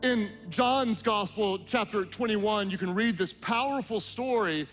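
A man preaching a sermon as pastor, swinging between loud emphatic lines and hushed, quiet passages. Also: high-pitched, measured pace, few pauses, soft background music. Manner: acts out quoted prayers and dialogue in his own voice.

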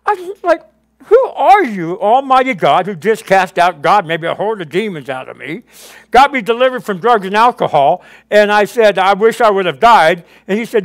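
A man with a high, light voice preaches to his congregation. He tells his story with lively, animated storytelling and acts out his past conversations with God. He keeps turning to the room with quick questions. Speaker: pastor. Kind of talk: sermon.

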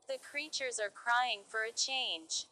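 A woman's voice: on the high side, takes it slowly, pushed and bright. A woman voicing a proud, ambitious male tiger in a storybook fable. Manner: proud, commanding.

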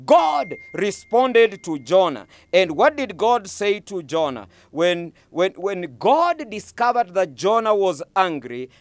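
A male preacher delivers a sermon with emphatic, repeated phrases. His voice is animated, rising and falling widely in pitch. The recording is dry, with no room echo.

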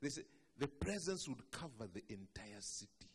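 A male pastor preaching a sermon, telling stories dramatically, with loud declarations that fall to hushed low lines. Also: very animated, moderate pace, a little hiss or hum. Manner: acts out the voices in the stories he tells.

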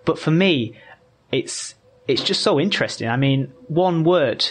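A man's voice: a little high, lively intonation, unhurried. A man, a podcast guest, explaining patiently in a casual conversation, often restarting his sentences.

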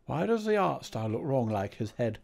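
A man playing a pompous, boastful old English gentleman, grumbling through a game. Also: mid-range voice, sing-song, fairly quick, creaky. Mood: gruff banter. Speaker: game player. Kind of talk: comedic let's-play banter.

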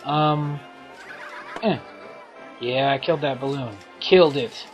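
A man's voice: medium pitch, slow pace, soft background music. A man with a scratchy throat giving playful, silly commentary while playing a game. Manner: playful, silly self-narration. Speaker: let's play host.

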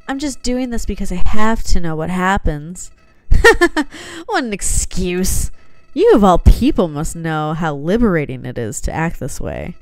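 A woman's voice: on the low side, dry recording. A woman reading game dialogue aloud, putting on a voice for a sinister, soulless talking flower that is cold and manipulative. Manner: reads game dialogue aloud in a put-on voice, slightly theatrical.

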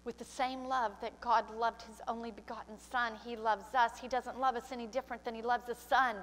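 A woman's voice: fairly high pitch, little pitch movement, brisk, a bit bright, in a large hall. An older woman pastor preaching a sermon, emotional and tearful, slipping into prayer. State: crying. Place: church sanctuary.

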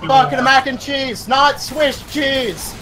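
A man playing a game with friends, loud, swearing and yelling orders. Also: very high voice, steady tone, takes it slowly, over loud music, rough recording. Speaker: game player. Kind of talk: casual gameplay chat.

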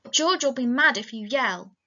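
A scared, childlike big man pleads and repeats himself in a raised, bright voice, as a woman reads him aloud in class. The sound is dull and lo-fi. He is slow and simple-minded. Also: on the high side, lively intonation, voice pushed up. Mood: agitated. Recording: dull lo-fi recording.

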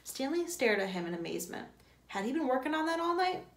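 A woman's voice: sits high, very animated, fast talker. A woman, a teacher, reading a novel aloud, with occasional slips and self-corrections. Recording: echoey room.

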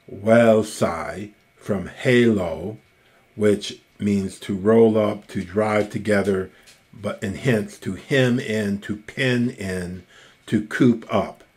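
A man with a fairly low voice delivers a recorded grammar lecture. He talks at an unhurried, measured pace, pausing often and filling the gaps with small hesitations as he works through each point. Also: darkish tone. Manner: slow, deliberate explaining with many pauses and fillers. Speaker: classics lecturer.

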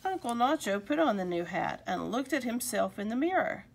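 A woman reading a picture book aloud to children, expressive and slowing for emphasis. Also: mid-range voice. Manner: warm, expressive, slows for emphasis. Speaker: children's story reader. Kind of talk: storybook read-aloud for kids.

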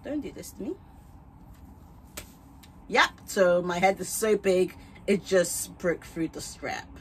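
A woman's voice: on the low side, expressive, slow, a little hiss or hum. A young woman vlogger chatting casually while trying on wigs at home, bubbly and rambling, laughing often and swearing freely.

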